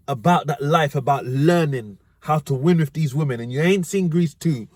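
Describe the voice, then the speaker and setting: A man's voice: mid-range voice, normal speed, a little mellow, no echo. Slangy man, dry close sound. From United Kingdom. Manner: rambling, slangy, often corrects himself. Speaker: dating advice vlogger. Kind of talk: casual storytelling monologue.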